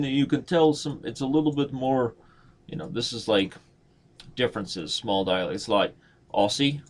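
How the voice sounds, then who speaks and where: A man in his thirties giving casual, joking live-stream commentary as he plays, thinking aloud and mocking his own moves. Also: on the low side. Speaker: chess streamer.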